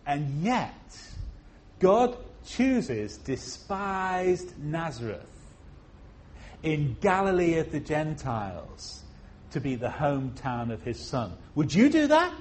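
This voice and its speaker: A man from Liverpool with a faint Liverpool accent, preaching a sermon at a church service. He is expressive, slows down to stress phrases, jumps high for emphasis, and adds humorous asides. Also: a little hiss or hum. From Liverpool, England.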